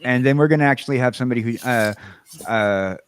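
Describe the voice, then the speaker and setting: A man's voice: mid-range voice, fast, clear, resonant tone. A man hosting a casual livestream chat, rambling with lots of fillers and restarts. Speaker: host.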